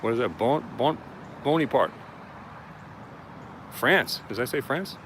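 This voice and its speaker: A man's voice: medium pitch, expressive, takes it slowly, fairly bright tone, a little hiss or hum. A man chatting casually on a live stream outdoors, greeting viewers by name as he walks around a police station, filming with a handheld camera. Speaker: live-streaming first amendment auditor.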